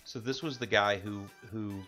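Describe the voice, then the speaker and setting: A man chatting on a livestream, telling a story haltingly with many pauses and ums. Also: on the low side, steady tone, pushed and bright, soft background music. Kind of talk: casual livestream chat.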